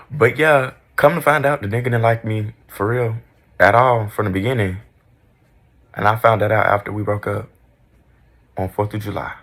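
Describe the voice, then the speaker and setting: A man's voice: on the low side, fairly bright tone. A young man in casual storytime mode, candid, profane and dramatic about his own past. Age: young adult. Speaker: vlogger.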